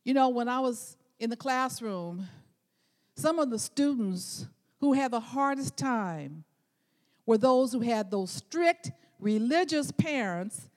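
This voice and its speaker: A woman's voice: a little high, expressive, slow, a little mellow. A woman preaching a sermon, earnest and emphatic, repeating her key words, in a church. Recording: long hall reverb.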